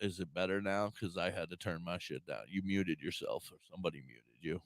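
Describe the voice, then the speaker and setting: A man's voice: low voice, brisk, no room sound, faint music behind. A man co-hosting an online radio show, chatting casually and playfully with goofy sound effects and exclamations. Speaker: radio co-host.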